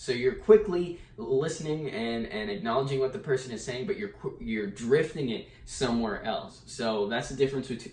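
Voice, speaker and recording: A man's voice: mid-range voice, moderate pace, few pauses, a little mellow. Man explaining a chapter in an echoey room. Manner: casual, with fillers and restarts. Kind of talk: chapter summary lecture. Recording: echoey room, mic at a distance.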